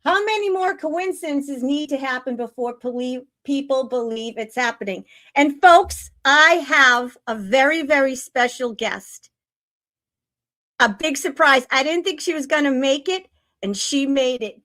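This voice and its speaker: A woman hosting her own livestream talk show, her voice sitting high. She chats casually and gets excitable and gushing, with a blunt edge. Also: a little slow. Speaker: show host.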